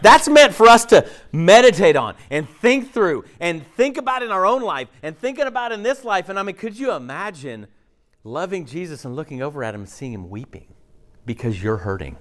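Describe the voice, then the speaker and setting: A man preaching a sermon in a conversational, animated way, acting out the voices of the people in the story. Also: sits high, moderate pace. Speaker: pastor.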